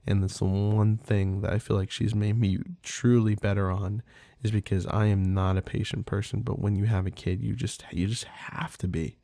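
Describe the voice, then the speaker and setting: Guy hosting a podcast, rambling and swearing, dark mellow tone, dry close sound. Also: lowish voice, level tone, moderate pace, vocal fry, no room sound. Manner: rambling, candid, swears freely, many fillers. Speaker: podcast host. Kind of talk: casual monologue.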